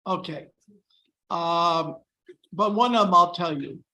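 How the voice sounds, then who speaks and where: A man leading a scripture class in a relaxed, chatty way, with dry sarcastic humor. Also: high-pitched, low-quality recording. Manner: joking, dryly sarcastic; relaxed, chatty with pauses and fillers. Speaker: class speaker.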